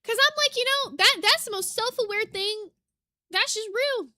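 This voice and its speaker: A woman with a very high, bright voice hosts a reaction commentary. She is blunt and casual and swears freely. She speaks close to the mic with a dry sound. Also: normal speed, no room sound. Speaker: commentary channel host.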